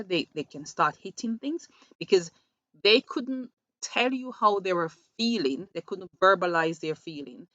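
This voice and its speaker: A woman's voice: medium pitch, fairly bright tone, dry recording. A woman who works with schoolchildren gives earnest parenting advice, often repeating words as she restarts a thought. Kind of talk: advice talk. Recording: dull lo-fi dry recording.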